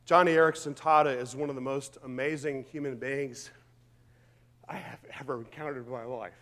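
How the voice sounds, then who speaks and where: A man preaching a sermon with fervent emphasis and rhetorical questions, swinging from loud declarations to quiet, low asides. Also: fairly even intonation, moderate pace, in a large hall. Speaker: pastor.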